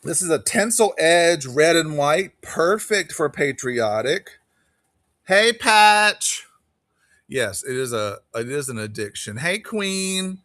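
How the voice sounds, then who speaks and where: A man hosting a live online auction stream, chatting casually and quickly calling bids while greeting viewers by name. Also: a little high, lively intonation, bright, forceful tone, no room sound, clean studio sound.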